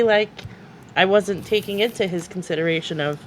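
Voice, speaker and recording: Loud, laughing woman guest. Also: on the low side, moderate pace, very noisy. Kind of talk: casual chat.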